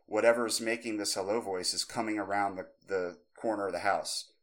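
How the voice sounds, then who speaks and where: This man in his thirties, a podcast co-host, has a fairly low pitch and talks slightly fast as he tells a drawn-out story. Full of restarts and filler words, he's animated and voices the characters as he goes.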